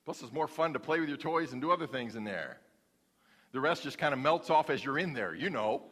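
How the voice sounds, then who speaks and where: Preacher man, folksy and funny, bright high voice, long church reverb. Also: fairly quick, breathy edge. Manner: folksy, humorous, animated. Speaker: pastor. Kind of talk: sermon.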